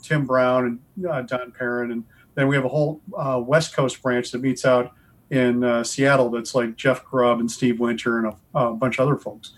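A man in his forties from Wisconsin, a guest author telling stories in a relaxed, chatty way. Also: mid-range voice, normal speed, rough recording. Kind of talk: casual interview.

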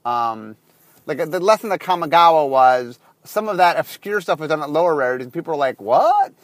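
Man, podcast host, driving, rambling, high voice, animated. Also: brisk, no echo. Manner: rambling, with many fillers and restarts. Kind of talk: casual solo podcast monologue. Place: in a car while driving.

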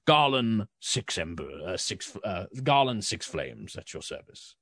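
A man's voice: on the low side, big pitch swings, unhurried, fairly bright tone, dry recording, studio quality, exaggerated voice. A man voicing a big, burly, courtly stranger in a tabletop game, formal and polite.

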